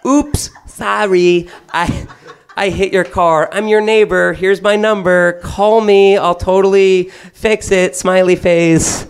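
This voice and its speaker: Guy doing a high sing-song bubbly lady voice, sweet and scheming, slow and drawn out. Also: fairly even intonation, clean tone. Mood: sweetly innocent. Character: bubbly adult woman, cheerful and scheming.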